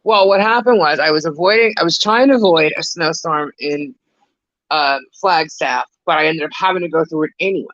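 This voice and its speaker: A man's voice: fairly high pitch, brisk, fairly bright tone, no room sound. Chatty New York man on a dull call. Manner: rambling, chatty, laughs often. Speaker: co-host of a live chat stream. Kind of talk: casual live chat. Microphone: video call mic. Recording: dull, lo-fi online call audio.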